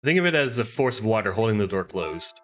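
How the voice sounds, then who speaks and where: A man voicing a calm, steady grown man in a video game, with a matter-of-fact way of explaining. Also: fairly low pitch, quick pace.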